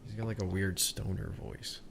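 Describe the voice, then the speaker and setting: A man's voice: on the low side, level tone, normal speed, creaky. A young adult man co-hosting a podcast in casual chat, rambling with frequent laughs and swearing. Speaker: podcast co-host.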